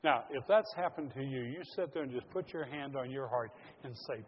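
A man's voice: mid-range voice, moderate pace, few pauses, background noise. A man preaching a sermon to his congregation, earnest and direct, calling them folks. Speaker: pastor. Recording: lo-fi audio in a large reverberant hall.

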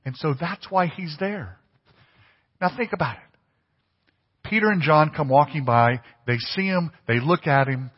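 Pastor, male, preaching informally and quizzing the congregation; breathy tone, echoing church hall. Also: fairly high pitch, a little slow, long pauses. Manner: conversational preaching, asks the congregation questions. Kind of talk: sermon. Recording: dull lo-fi church recording with long reverb.

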